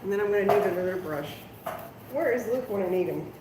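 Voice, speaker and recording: A middle-aged woman runs a casual live crafting stream from home, chatting with viewers and laughing at her own slip-ups before heading outdoors. She talks fast at a medium pitch with lively intonation. The audio carries a roomy home echo and faint background noise.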